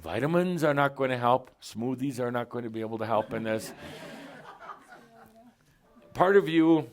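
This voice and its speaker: A man speaks as a channeled spiritual teacher before a gathered audience. His voice sits at an ordinary pitch, and his delivery is theatrical and teasing. He laughs often as he jokes with the listeners. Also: normal speed, a little hiss or hum. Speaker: channeler addressing a spiritual group.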